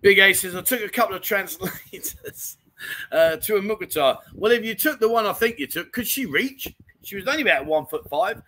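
A man's voice: high-pitched, animated, moderate pace, bright, forceful tone, low-quality recording. A man hosting a casual livestream chat show, reading out viewer comments and rambling with easy laughter. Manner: chatty, rambling, laughs easily.

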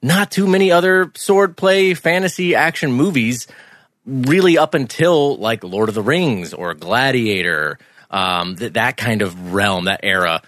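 A man's voice: mid-range voice, lively intonation, unhurried, a bit bright, no room sound, clean studio sound. A man in his thirties co-hosting a podcast, laughing easily and swearing as he chats. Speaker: podcast co-host. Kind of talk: casual chat. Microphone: studio microphone.

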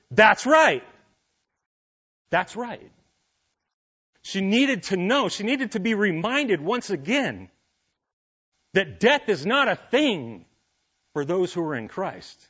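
A man's voice: fairly high pitch, fairly bright tone, slightly rough, dull audio. A male pastor preaching a sermon in a conversational way, his voice rising and falling with feeling as he asks the congregation questions.

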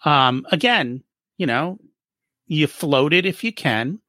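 Speaking slowly with a slightly high voice, this man is a guest in an informal interview about business profitability. He lays out money habits and lively acts out brief conversations in different voices, recorded cleanly in a studio without echo.

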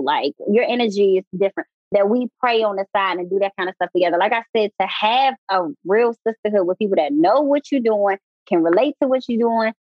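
A woman guest coach chatting casually in an interview, animated and slangy, often laughing. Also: medium pitch, no echo. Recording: dull lo-fi dry sound.

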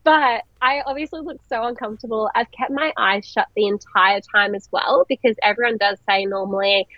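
Chatty woman, bright voice, dry lo-fi sound. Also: a little high, brisk, dry recording. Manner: chatty, animated, laughing often, many "like" fillers. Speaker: vlogger telling her birth story. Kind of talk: casual storytelling.

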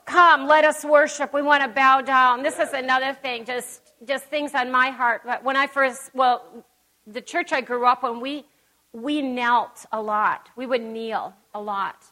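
Woman preacher, high bright voice, folksy and emphatic, church sermon. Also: fairly even intonation, unhurried. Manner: emphatic, folksy, chatty asides. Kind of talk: conversational sermon. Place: church service.

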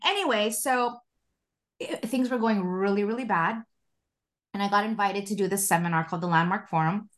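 In a casual interview, a spiritual life coach in her forties tells a personal story. Her delivery is animated and expressive, full of laughter, in a mid-range voice at a moderate pace.

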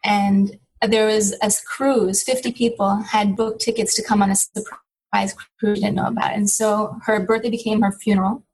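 A woman's voice: mid-range voice, little pitch movement, moderate pace, a little mellow, slight background noise, rough recording. A middle-aged woman, a guest in an interview, telling a personal story in an earnest, reflective way with frequent restarts.

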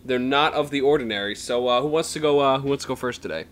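A man's voice: medium pitch, fast talker, fairly bright tone. A young man co-hosting a podcast, chatting casually and laughing often as he rambles through stories. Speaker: podcast co-host. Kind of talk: casual chat.

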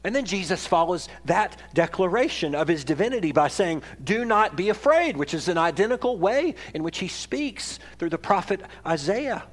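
A man preaching a sermon as pastor, swinging from loud, emphatic passages to quiet ones and raising his voice for scripture readings. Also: high-pitched, expressive, moderate pace, hardly any pauses. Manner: reads scripture aloud in a raised voice.

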